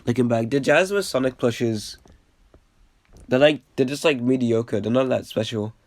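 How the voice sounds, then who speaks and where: A young man casually rambling over an old video, packed with "like" fillers and the odd swear, getting excited and then trailing off. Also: medium pitch, normal speed, dry recording. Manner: excitable bursts, trails off with a quiet "yeah". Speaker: reaction video host.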